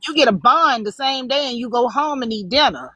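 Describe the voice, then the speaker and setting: A woman's voice: on the high side, lively intonation, brisk, bright, forceful tone, husky, dry recording, rough recording. An older woman makes her case on a casual live-stream show, blunt and sarcastic. Her voice sits dry and close, with no room sound. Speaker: co-host.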